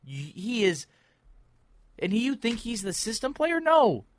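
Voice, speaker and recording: A man's voice: high-pitched, sing-song, measured pace, dry recording. A man co-hosting a sports podcast, ranting in exasperation and mocking players with quoted voices. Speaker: podcast co-host. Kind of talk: heated sports talk.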